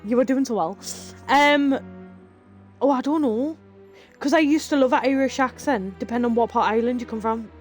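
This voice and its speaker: A woman's voice: high-pitched, brisk, pauses often, darkish tone, soft background music. A young woman with a Geordie accent chatting casually with viewers on a live stream, reading chat aloud, swearing and laughing as she goes. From Northeast England.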